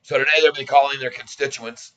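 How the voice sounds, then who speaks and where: A man's voice: medium pitch, level tone, fast talker, fairly bright tone, rough recording. A man in his sixties giving casual stock market commentary in a folksy, cocky, self-mocking way. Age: 60s. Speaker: stock trading vlogger.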